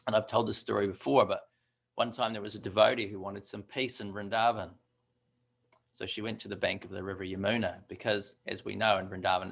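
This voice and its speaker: A man teaching a devotional scripture class in a relaxed, talkative way. His voice sits low and has a gravelly grain. He drifts into fillers and asides as he explains. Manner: conversational, with fillers and asides like "right?".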